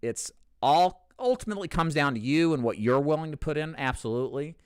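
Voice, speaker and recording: Fairly high-pitched and fairly quick, with lively intonation and a smooth sound, this man runs a casual question-and-answer monologue to camera. He owns an insurance agency and is candid and self-deprecating, joking and frequently restarting his sentences. The recording is dry and studio quality.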